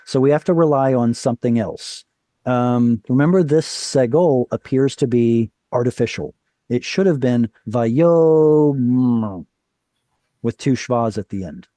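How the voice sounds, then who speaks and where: Mellow-voiced man teaching an online class. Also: medium pitch, normal speed, no room sound. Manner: explanatory, questioning students, self-correcting. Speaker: Hebrew teacher. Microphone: video call.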